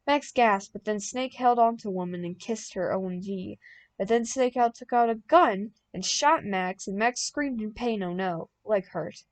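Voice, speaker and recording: A young woman reading a fan-written story aloud as an audiobook, plain and deadpan, bursting out loud in the dialogue. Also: medium pitch, measured pace. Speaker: audiobook reader.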